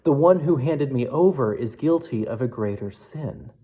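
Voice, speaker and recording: A man voicing Jesus, calm on trial, while reading scripture aloud, with a mellow voice. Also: medium pitch, moderate pace, close to an everyday voice.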